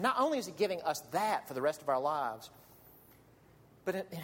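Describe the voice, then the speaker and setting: Earnest pastor preaching in a reverberant hall. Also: male voice, high-pitched. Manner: earnest, pleading, rhetorical questions. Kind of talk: sermon. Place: church sanctuary. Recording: long reverb of a large hall.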